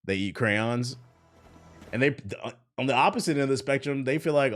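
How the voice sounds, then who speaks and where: A man hosting a livestream, chatting casually and retelling arguments by quoting people in lively bursts. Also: mid-range voice, fast. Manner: animated storytelling, quoting others. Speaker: livestream host. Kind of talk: casual stream chat.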